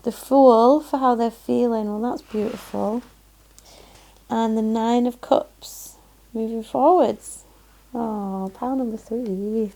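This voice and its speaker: A Yorkshire woman reads tarot cards aloud in a casual, gushing way, pausing on frequent "um"s. Her voice sits a little high with a mellow, soft tone, and her phrases often trail into a gravelly fry. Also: fairly even intonation. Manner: chatty and effusive, frequent "um"s and "lovely". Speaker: tarot reader. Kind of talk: casual pick-a-card tarot reading.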